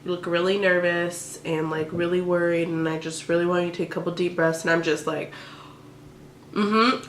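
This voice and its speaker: A young woman talks through a personal story in a casual vlog, emotional and leaning on "like" as she goes. Her voice sits a little low. The room echoes and a faint hiss runs underneath. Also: flat delivery, normal speed. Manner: emotional, tearful at times, many "like" fillers. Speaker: vlogger. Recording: roomy echo with faint background hiss.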